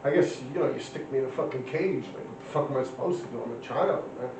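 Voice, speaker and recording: A man's voice: mid-range voice, fast, background noise. A man in his fifties, a guest telling stories in a casual, profane, rambling street manner. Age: 50s. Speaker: interview guest. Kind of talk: casual storytelling. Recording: roomy, distant, dull lo-fi.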